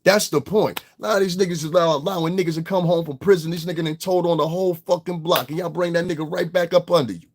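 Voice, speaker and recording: An online show host with a slightly high voice rants on a livestream, bluntly and profanely addressing his chat and switching into mocking impressions of others. He talks quickly with fairly even intonation and hardly pauses.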